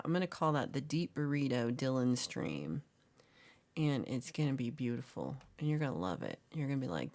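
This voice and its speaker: A woman's voice: low voice, creaky, darkish tone. Woman, livestream host, casual chat, jokey, teasing, swooping intonation. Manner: playful, reads and answers chat comments aloud. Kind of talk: casual live chat with viewers.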